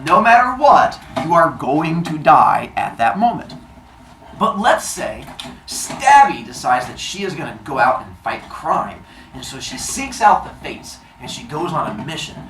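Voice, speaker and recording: A man's voice: fairly high pitch, big pitch swings, measured pace, a bit bright, echoey room, far from the mic, slight background noise. A male teacher telling myths to his class, playful and acting out scenes with sound effects. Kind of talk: classroom storytelling.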